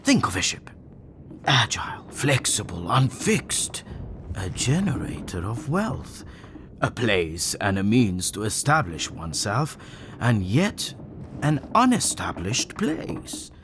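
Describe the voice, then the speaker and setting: A slow, sinister schemer. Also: male voice, on the low side, wildly swooping pitch, heavily acted. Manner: measured, insinuating. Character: sinister, calculating male schemer. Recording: noisy background.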